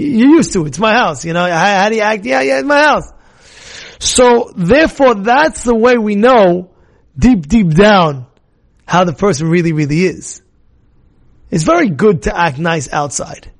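A rabbi teaching a Torah lesson with a high, gravelly voice. He talks in an animated way, full of restarts, and breaks into loud scolding voices to act out everyday scenes. The delivery is warm in intent but excitable.

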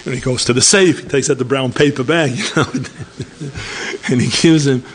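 Man, gravelly rabbi type, animated sermon storyteller over faint noise. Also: moderate pace. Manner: animated storyteller, acts out dialogue, rises to high emphatic exclamations.

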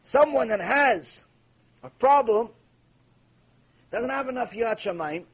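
Emphatic high-voiced man lecturing on Torah. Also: lively intonation, unhurried, slightly rough, rough recording. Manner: emphatic, repeats key phrases, acts out imagined prayers. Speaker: Torah teacher.

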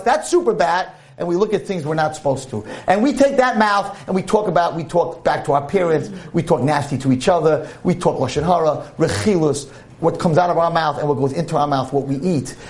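A man giving a sermon to an audience in a room, animated and humorous as he tells a story. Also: a little high, a little fast. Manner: animated and humorous, with shifts in volume.

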